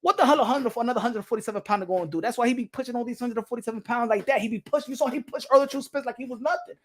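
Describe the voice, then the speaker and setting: Man, high voice, rowdy joking boxing rant, laughs a lot. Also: very fast. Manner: rowdy, joking, repeats himself, laughs often. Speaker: boxing commentator. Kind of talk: casual rant.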